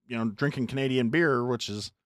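A middle-aged American man hosting a podcast, telling a long story in a profane, animated way with mock voices. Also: mid-range voice, a little fast, no echo, studio quality. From United States. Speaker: podcast host. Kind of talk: casual storytelling chat.

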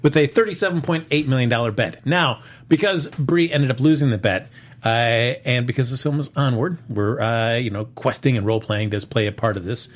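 A man's voice: medium pitch, brisk. A man hosting a casual live-streamed movie podcast, chatty, with many fillers and restarts. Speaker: podcast host.

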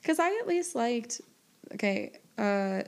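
A young woman co-hosting a book podcast in relaxed casual chat. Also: a little high, takes it slowly. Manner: relaxed, conversational, fillers like "like".

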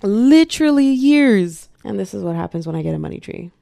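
A young woman hosting a solo podcast, chatting casually in an animated, slangy way. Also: lowish voice, rapid-fire, vocal fry, no echo, studio quality. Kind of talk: casual chat.

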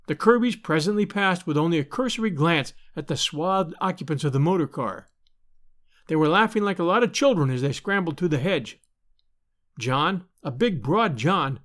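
A man's voice: on the high side, a bit bright. A man narrating a classic story aloud, reading expressively and lightly voicing the characters. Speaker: narrator and podcast host.

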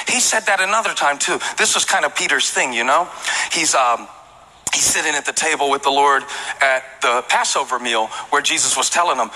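Slightly high-voiced man preaching a sermon. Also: moderate pace, sharp tone, long reverb tail, low-quality recording. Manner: conversational preaching, repetitive emphasis, humorous asides. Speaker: pastor.

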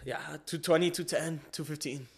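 A man's voice: on the high side, fairly even intonation, normal speed, a little mellow. A young man co-hosting a podcast in casual chat, slangy and saying "bro" all the time. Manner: slangy, says "bro" constantly. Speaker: podcast co-host.

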